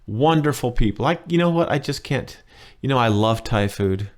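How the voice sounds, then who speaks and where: A man teaching a language lesson in a chatty, enthusiastic way, explaining slowly and repeating key words. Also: medium pitch, expressive, darkish tone. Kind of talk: casual spoken lesson.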